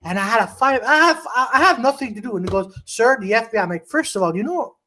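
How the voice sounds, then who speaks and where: A Canadian man co-hosting a podcast, telling animated stories in casual chat and swearing freely. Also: very high voice, quick pace, a little hiss or hum. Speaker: podcast co-host.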